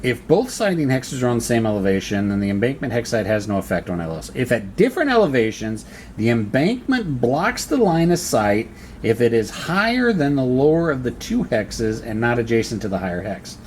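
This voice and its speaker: A man's voice: mid-range voice, big pitch swings, a little fast, a little mellow, slight background noise. A man playing a solo board wargame, thinking aloud and reading the rules to himself as he works through each turn. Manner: muttering, reads rules aloud and reasons through them.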